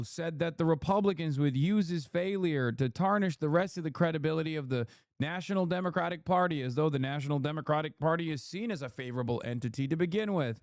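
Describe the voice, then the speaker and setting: A man's voice: fairly high pitch, darkish tone, no echo. Ranting streamer man, dry close sound. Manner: profane, ranting, reads chat aloud. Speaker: political streamer. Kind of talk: casual livestream commentary.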